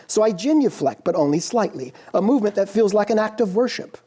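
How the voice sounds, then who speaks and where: Dark-toned male professor lecturing deliberately. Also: sits high, expressive, husky. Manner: measured, deliberate, dramatic pauses. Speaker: philosophy professor giving a lecture. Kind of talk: formal lecture reading. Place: lecture hall.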